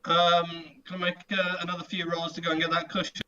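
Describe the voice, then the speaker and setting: A man's voice: on the high side, monotone, quick pace, dull audio, very noisy. A man playing a tabletop game, chatting casually and playfully, with fillers. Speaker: player.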